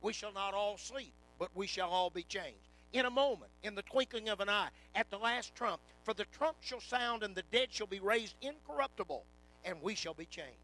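High-voiced emphatic male preacher. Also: moderate pace, rough recording. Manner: emphatic preaching, swelling and dropping in loudness. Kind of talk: sermon.

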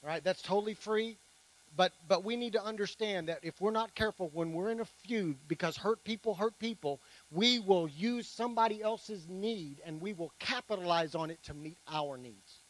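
A man's voice: sits high, moderate pace, rough recording. A man preaching a sermon to his congregation, emphatic, with playful joking asides. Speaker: pastor.

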